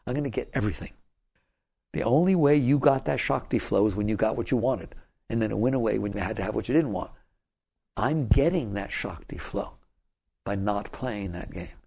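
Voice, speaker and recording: A man's voice: on the low side, expressive, brisk, vocal fry, mellow, husky. A man giving a spiritual talk to an audience. He speaks emphatically, repeats his key phrases and puts questions to the listeners. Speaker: spiritual teacher.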